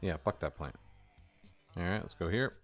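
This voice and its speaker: Low-voiced man muttering through code. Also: animated, normal speed, faint music behind. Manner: muttering to himself, casual swearing. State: hoarse. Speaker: indie game developer streaming. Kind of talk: casual live coding stream.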